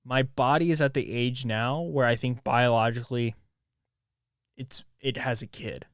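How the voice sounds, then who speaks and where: On his solo podcast, a man in his twenties speaks unhurriedly in a steady, medium-pitched tone while rambling candidly, restarting frequently and swearing. It's a dry recording with clean studio sound.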